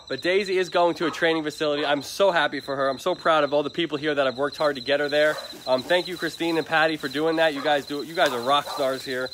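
A man's voice: on the high side, fairly even intonation, fast talker, hardly any pauses, very noisy. A man from Florida chatting on a live stream outdoors at an animal shelter at night, upbeat and repeating himself, with crickets and barking dogs behind. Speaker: livestreaming animal shelter advocate. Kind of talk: casual live-stream chat.

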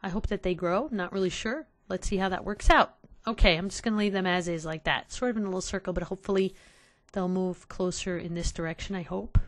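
A woman's voice: on the low side, steady tone, brisk, no echo. A woman hosting a casual let's play, talking to her viewers in an exasperated way and sighing often. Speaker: gaming channel host.

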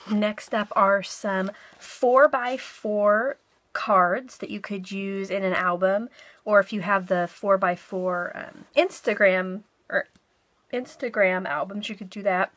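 A woman's voice: mid-range voice, fairly even intonation, slow, a bit bright. A woman, likely middle-aged, chatting casually to her viewers as she shows and describes craft purchases. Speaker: craft vlogger. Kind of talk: casual haul and flip-through narration.

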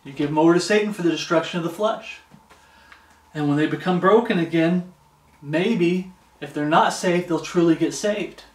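Higher-voiced preacher in an echoey room. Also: male voice, normal speed. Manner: earnest, conversational, repeats phrases for emphasis. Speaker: pastor. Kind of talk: informal preaching sermon with scripture reading. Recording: echoey room, distant mic.

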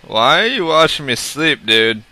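A young gameplay commentator with a rather high, sharp voice sounds very animated yet keeps a measured pace. He chats to himself through the casual let's-play, swearing, humming, and yelping when spooked.

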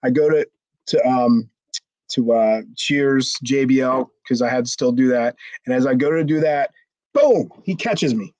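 A middle-aged former pro wrestler tells a story casually during an interview, swearing freely and acting out the characters. His medium-pitched voice is a little mellow, with fairly even intonation and a moderate pace. The recording is dry, slightly dull lo-fi with no room sound.

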